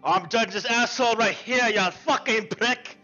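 A man voicing a gruff, blunt, quick-tempered farm owner who talks coarsely. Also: extremely high pitch, sharp tone, lo-fi sound, full character voice. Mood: scornful.

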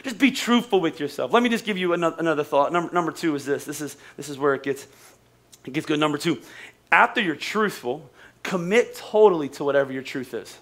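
An American pastor preaching a sermon in an animated, joking way, with quick restarts. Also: male voice, on the high side. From United States. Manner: animated, joking, talks fast with frequent restarts.

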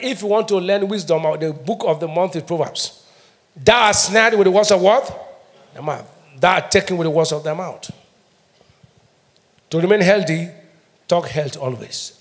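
A middle-aged man with a Nigerian accent preaching a sermon as pastor, emphatic, asking the congregation questions and having them answer. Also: fairly high pitch. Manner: emphatic call-and-response preaching.

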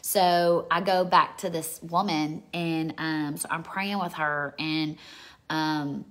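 A woman's voice: sits low, steady tone, slow, a bit bright. A woman minister telling a story casually, gushing and rambling with lots of fillers.

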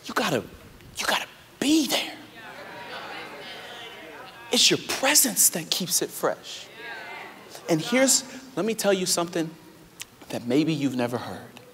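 A young man preaching a sermon as pastor, moving between loud exhortation and hushed, soft storytelling. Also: a little high, sing-song, measured pace, long pauses. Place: large church auditorium. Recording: live sermon with echoey hall.

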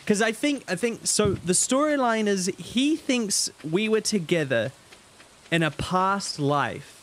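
A man streaming a game, rambling in animated casual commentary and talking to his chat. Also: sits high, slow pace.

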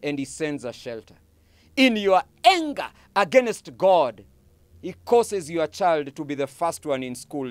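A Kenyan English-accented man preaches with emphatic, repetitive phrasing. His pitch rises and falls dramatically, and the recording is dry, with little room sound. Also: dry recording. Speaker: pastor. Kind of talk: sermon.

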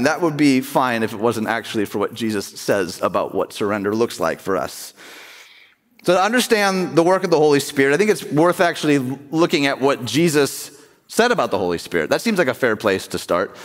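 A man's voice: mid-range voice, very animated, fairly quick. A man preaching a sermon as pastor, in a conversational way, often asking the congregation questions. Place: church sanctuary. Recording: long church reverb.

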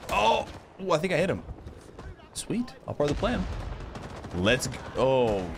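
A man narrating his own gameplay as it happens, quick to exclaim and curse at what he sees. His pitch swings dramatically between low mutters and high yelps. Faint game gunfire sits behind him. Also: creaky, a little hiss or hum. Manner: excitable, exclaiming and swearing at the action. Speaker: gaming video host. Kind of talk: live gameplay commentary.

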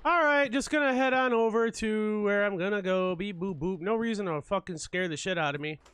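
A man's voice: high voice, a little fast, a bit bright, smooth. A man commentating a horror game as he plays, jumpy and swearing a lot, joking through his fear. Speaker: let's play gamer.

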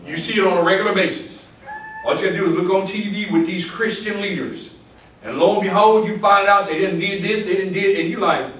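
Captured from a distance in an echoey church sanctuary, with a little hiss or hum, a male pastor with a slightly high, bright voice preaches his sermon. He quotes scripture and works up to emphatic exclamations with call-and-response.

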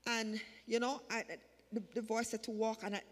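A woman's voice: fairly high pitch, little pitch movement, moderate pace, long reverb tail. A woman telling her personal testimony at a church service, in a repetitive, emphatic way that builds in fervor. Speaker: church member giving a testimony. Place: church sanctuary.

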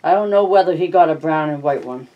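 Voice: mid-range voice, quick pace, distant mic, lo-fi sound, lightly acted. A reader voicing a big, childlike, eager man.

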